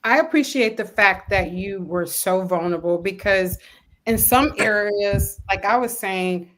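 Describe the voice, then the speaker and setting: A woman hosting a faith podcast, telling stories in an animated, slangy way and acting out quotes, with a constant "you know what I'm saying?". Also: mid-range voice, measured pace, a little hiss or hum. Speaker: podcast host. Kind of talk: casual faith talk.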